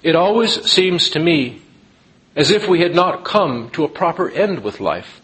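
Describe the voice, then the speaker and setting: A restless old ghost, put on by a man telling the story pleads in a slow, solemn voice. The tone sits a bit high and swings widely. It is pitched like a storyteller's acted quote. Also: expressive, fairly bright tone, poor audio. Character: old male Anabaptist ghost, restless and yearning.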